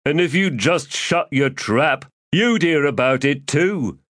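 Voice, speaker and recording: A man's voice: a little high, animated, slow, fairly bright tone, no room sound, studio quality, pitched above the performer's own voice, heavily acted. A man voicing a belligerent male thug who talks in a blunt, snarling way. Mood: gruff.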